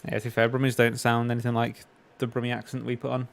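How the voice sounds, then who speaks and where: An English man talking casually during a game stream, wandering from story to story. He fills pauses with frequent "uh"s and restarts, keeping a loose, chatty flow. His pitch sits in an ordinary middle range. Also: monotone, creaky. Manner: rambling, anecdotal, many fillers. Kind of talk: casual chat while gaming.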